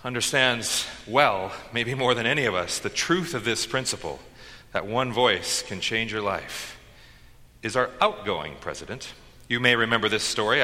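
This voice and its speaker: A man preaching a sermon from a church pulpit, his voice strikingly bright and forceful. He builds with dramatic pauses and bursts of rising energy. Long reverb from the sanctuary trails behind every phrase. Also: medium pitch. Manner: dynamic preaching with dramatic pauses and shouted call-and-response lines. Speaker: pastor.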